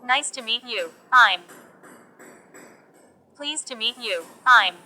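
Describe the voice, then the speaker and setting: A woman teaching English, reading example phrases for learners one by one in a slow, deliberate delivery. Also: fairly high pitch, animated, pushed and bright, soft background music.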